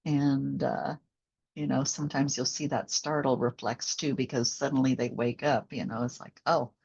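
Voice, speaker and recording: A slow, low-pitched woman with a gravelly, husky voice talks gently through an interview. Her tone is mellow and relaxed, with plenty of fillers. The audio is slightly dull and lo-fi. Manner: gentle, reflective, with many fillers. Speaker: postpartum doula and bodywork instructor. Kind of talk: conversational interview.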